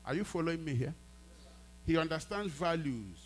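A man's voice: on the high side, lively intonation, moderate pace, a little hiss or hum, poor audio. A man preaching a sermon as a pastor, emphatic, repeating phrases and prompting his congregation.

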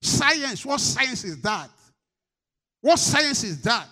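A male preacher with a very high voice, bright and forceful in tone. He drives his sermon with shouted declarations and then drops down to coax his congregation into answering back. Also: sing-song, slow pace. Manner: swings from shouted exhortation to low coaxing call-and-response.

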